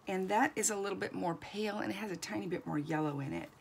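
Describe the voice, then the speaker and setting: A woman's voice: mid-range voice, fast, vocal fry, slight background noise. A woman giving a chatty, encouraging crafting tutorial as a doll artist, thinking aloud as she works.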